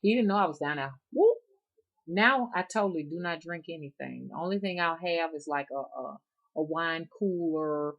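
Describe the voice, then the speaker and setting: A middle-aged woman from the Deep South speaks in a low, homey voice with a strong Alabama accent. She rambles along in a folksy, unhurried way, addressing her viewers directly as she reminisces. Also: muffled recording. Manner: rambling, folksy, chuckling often. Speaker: rootworker vlogger. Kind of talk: casual chat to viewers.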